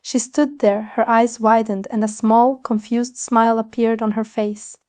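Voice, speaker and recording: A woman reading a fan story aloud in a calm, even manner. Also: a little high, measured pace, dry recording. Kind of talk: storytelling narration.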